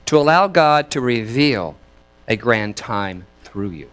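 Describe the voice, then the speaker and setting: Male minister, sermon, chatty delivery with a lively, swinging pitch, leads call and response. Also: slow. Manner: lively, chatty, laughs between thoughts.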